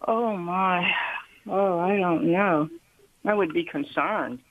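A woman's voice: on the low side, dry recording, phone-quality sound. A woman calling in to a radio show, speaking hesitantly and with worry. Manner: hesitant, worried, slow. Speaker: caller. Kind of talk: phone call to a radio show.

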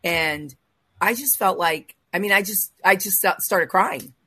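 A woman hosting a faith talk show, telling a personal story in an emotional, animated way with quoted asides. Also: mid-range voice, measured pace, husky, dry recording. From Los Angeles area. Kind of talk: casual storytelling in a group chat.

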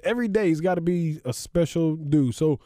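A man's voice: a little high, brisk, dry recording, studio quality. Laughing, rambling male sports podcast host. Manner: animated, laughs often, rambling asides. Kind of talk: casual sports talk.

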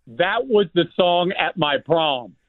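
A man's voice: high-pitched, lively intonation, takes it slowly, over a noisy crowd. A man, a radio broadcaster, talking casually and good-humoredly, playing along and laughing. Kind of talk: casual phone chat. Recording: tinny phone line.

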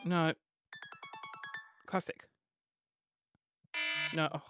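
A man's voice: fairly high pitch, extremely slow, over music. A man, hosting a comedic podcast monologue full of exasperated, swearing rants. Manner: animated, exasperated ranting with swearing and playful impressions. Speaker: podcast host.

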